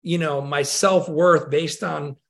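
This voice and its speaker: A male pastor in conversation, telling a story in an earnest, reflective way with frequent pauses and restarts. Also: a little high, steady tone, vocal fry.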